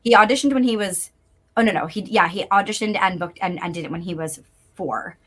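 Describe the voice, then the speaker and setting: Female voice actor guest, mid-pitched, chatty and bubbly, filler-heavy, on a video call. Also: fairly bright tone. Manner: chatty and bubbly, many fillers, quick laughs. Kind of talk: casual live interview chat.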